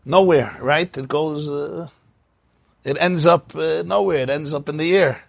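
A Torah teacher with a fairly high, gravelly voice speaks slowly in a dry recording with no room sound. Teaching a Talmud and Chassidus class, he tells the story with laughing asides and mixes Hebrew and Yiddish terms into his English.

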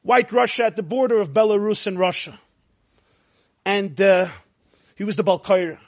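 A man giving a sermon as a rabbi, acting out dialogue with sudden loud outbursts. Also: sits high, moderate pace.

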